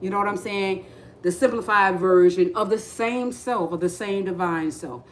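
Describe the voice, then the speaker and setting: A woman's voice: medium pitch, moderate pace, slight background noise. A woman hosting a casual live spiritual talk, slangy and repetitive, often breaking into laughter as she addresses her chat. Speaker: spiritual livestream host.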